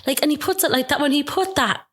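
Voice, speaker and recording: A woman hosting a podcast, asking gentle, probing questions in a casual chat. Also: high voice, quick pace. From Ireland. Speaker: podcast host.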